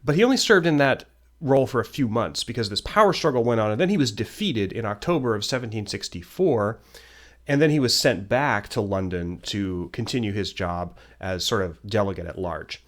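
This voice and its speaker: A man teaching a history lesson in a loose, conversational way, pausing often with ums and uhs. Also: lowish voice, expressive. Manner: conversational, many ums and uhs, self-deprecating asides. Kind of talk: unscripted history lecture.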